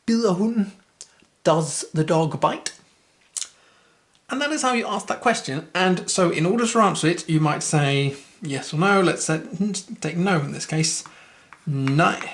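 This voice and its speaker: Casual language tutor, mid-pitched, chatty, self-correcting, slows for examples. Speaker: language teacher. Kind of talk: casual spoken lesson.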